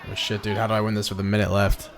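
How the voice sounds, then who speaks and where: A young man talks over his own clips in a relaxed, slangy way, full of dude and bro. His voice sits low, and faint crowd noise hums behind him. It sounds like a casual vlog voice-over. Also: very fast. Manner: laid-back slangy, dude-and-bro talk. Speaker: vlogger. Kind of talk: casual voice-over commentary of match footage.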